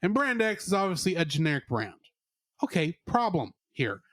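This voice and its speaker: A man co-hosting a podcast, giving an animated, sarcastic movie review in casual chat. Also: on the high side, moderate pace, dry recording, studio quality. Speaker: podcast co-host.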